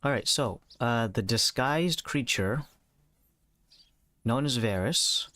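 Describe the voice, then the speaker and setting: A man running a tabletop game as game master, narrating the scene in a measured, descriptive way over a voice call. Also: mid-range voice, expressive, pushed and bright, no echo.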